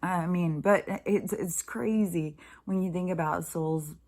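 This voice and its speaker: A woman's voice: lowish voice, a little slow, a little mellow. A woman vlogger in a casual, blunt monologue to camera, swearing freely and mocking others by acting out their lines.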